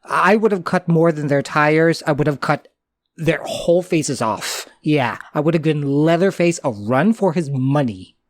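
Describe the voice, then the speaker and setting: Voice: mid-range voice, expressive, moderate pace, no echo. A co-host giving blunt, opinionated reactions to a horror film, easily annoyed by it. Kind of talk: casual movie reaction commentary.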